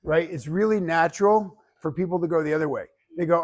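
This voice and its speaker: A man coaching a public speaking class, giving feedback and telling stories in an animated way that acts out other people's voices. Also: fairly high pitch, a little fast.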